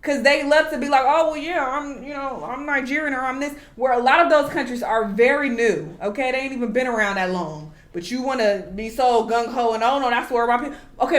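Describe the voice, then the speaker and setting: A woman's voice: on the high side, roomy sound. Blunt, profane woman ranting at a video. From United States. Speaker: reaction vlogger. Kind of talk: ranting reaction commentary.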